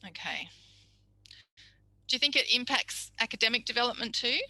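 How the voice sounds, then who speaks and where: Casting: woman tutor, very bright clear tone, dry close recording, chatty lecturer. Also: on the high side, lively intonation, moderate pace, no room sound, poor audio. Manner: warm, chatty, explanatory with acted examples. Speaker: speech pathology tutor.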